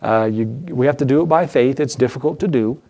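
A man delivers an evening church sermon as the preacher. He fires off rhetorical questions that climb in pitch and repeats key phrases to press his point home. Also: fairly quick, darkish tone.

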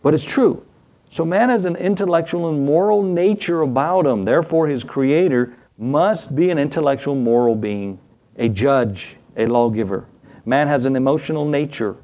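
A man's voice: a little high, normal speed, mellow. Man preaching a conversational sermon. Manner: conversational, asks the congregation for responses; acts out little skits in quoted voices. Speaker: pastor. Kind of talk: sermon teaching.

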